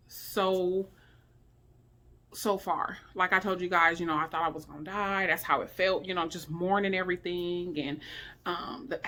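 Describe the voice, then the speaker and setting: A middle-aged woman at home, talking candidly to her viewers in a rambling, emotional way, sounding weary and low. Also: a bit bright. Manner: emotional, heartfelt, rambling with many fillers. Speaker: vlogger. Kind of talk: candid personal vlog talk. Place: indoors at home.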